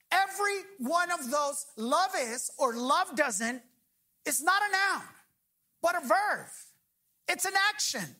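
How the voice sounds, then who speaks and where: Woman, pastor, sermon, high voice, bright tone, emphatic, call-and-response. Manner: emphatic preaching, slowing on key phrases, prompting the congregation to finish lines.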